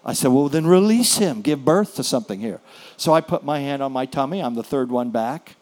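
A man preaching a sermon as a pastor, telling a story with hushed, soft passages and sudden louder bursts. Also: mid-range voice, lively intonation, fairly quick.

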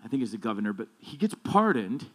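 A man's voice: sing-song, fast talker. A male pastor preaching a sermon in a casual, conversational way that turns emphatic on key points. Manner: casual, conversational, rambling with restarts and asides; emphatic, builds in loudness and pitch when stressing points.

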